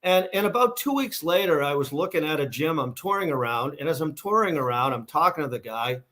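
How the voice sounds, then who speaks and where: A man's voice: on the high side, lively intonation, a little fast, a bit bright. A middle-aged man with a Boston accent, a guest in a casual interview, telling stories in a rambling way with many restarts and fillers. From Massachusetts, USA. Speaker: guest, shoe company founder.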